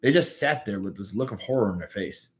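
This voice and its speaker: A man's voice: on the low side, expressive, brisk, pitched below the performer's own voice, natural voice. A man with a Southern US accent voicing an earnest, good-natured little male cartoon hero telling a story.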